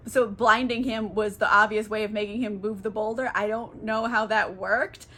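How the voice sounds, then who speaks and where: A woman's voice: mid-range voice, fairly even intonation, moderate pace, bright, forceful tone. A young woman, tipsy, summarizing a book in a giggly, swearing, casual way, full of "like". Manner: giggly, swears a lot, filler-heavy. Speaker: book channel host.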